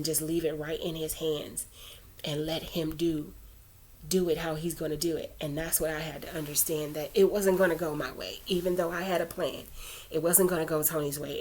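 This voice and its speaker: A woman's voice: low voice, darkish tone, a little hiss or hum. A woman vlogger telling a personal faith story in a chatty, rambling way, full of asides, turning earnest when she urges prayer. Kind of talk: casual storytelling to camera.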